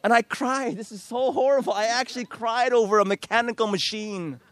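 A man's voice: very high voice, a little fast, a bit bright. A middle-aged man preaching a storytelling sermon, earnest and self-deprecating as he urges listeners on.

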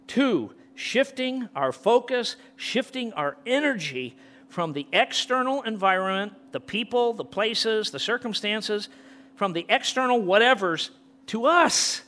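A middle-aged male pastor preaching an impassioned sermon, swinging from loud peaks to near-whispers. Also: sits high, animated, unhurried.

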